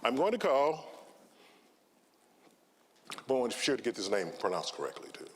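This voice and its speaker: A man in his sixties, a trial lawyer giving a conference talk and telling stories with dramatic pauses. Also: medium pitch, a little hiss or hum. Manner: slow, dramatic pauses, lively intonation. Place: large conference hall. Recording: long hall reverb.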